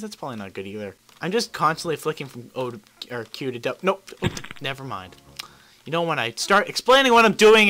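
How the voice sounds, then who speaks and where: Brief: young male gamer, bright and animated, grumbling then shouting at a hard game. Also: fairly high pitch. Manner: frustrated, yelling and swearing at the game. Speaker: gameplay commentator. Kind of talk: let's play commentary.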